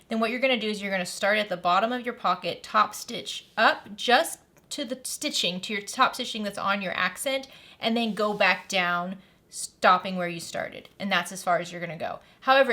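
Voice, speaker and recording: A woman's voice: mid-range voice, pushed and bright. A woman narrating a step-by-step sewing tutorial in a friendly, practical way, walking the viewer through each stage. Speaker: sewing instructor.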